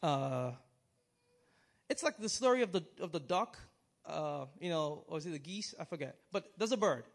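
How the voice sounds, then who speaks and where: A man's voice: on the high side, animated. A man preaching a sermon in a conversational way, with restarts and questions to the audience. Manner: conversational, halting, with restarts and chuckles.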